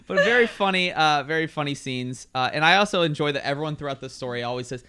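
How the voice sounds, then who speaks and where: A man's voice: a little high, expressive, fast talker, pushed and bright, clean tone, no echo, clean studio sound. A man co-hosting a film review podcast, chatting casually, swearing freely and joking around. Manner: profane, joking, slips into silly voices. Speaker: podcast co-host.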